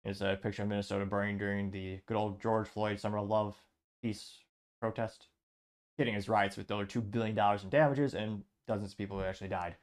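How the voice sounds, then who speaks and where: A man's voice: lowish voice, flat delivery, fast. A man hosting a commentary show, reading social media posts aloud and adding offhand remarks. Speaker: show host.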